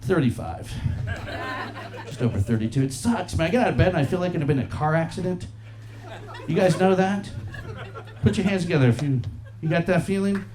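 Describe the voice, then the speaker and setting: Animated profane man doing stand-up. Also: fairly high pitch, brisk, long pauses, noisy background. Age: 40s. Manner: profane, animated, acts out voices. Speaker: stand-up comedian. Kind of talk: stand-up comedy set. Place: comedy club stage. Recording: live club set with crowd laughter. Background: audience laughing.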